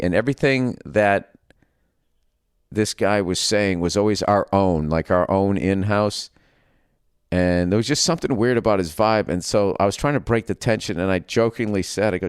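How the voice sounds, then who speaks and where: A man in his fifties with a Boston accent, a comedian telling a profane, animated story on his podcast. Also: lowish voice, normal speed, clear, resonant tone, dry recording, studio quality. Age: 50s. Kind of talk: storytelling monologue.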